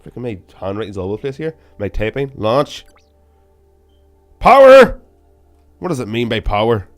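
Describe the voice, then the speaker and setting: A young man giving casual, self-mocking game commentary, with sudden loud bursts of excitement. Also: on the low side, quick pace, faint music behind. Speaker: gaming channel host.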